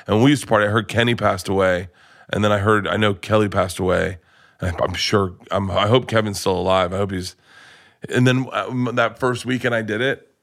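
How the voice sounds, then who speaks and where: A man with a fairly low speaking voice tells a long story in a loose, animated way. He keeps restarting his sentences and piling on details as he talks, like a comedian guest spinning an anecdote. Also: a little fast. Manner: rambling, animated, full of restarts.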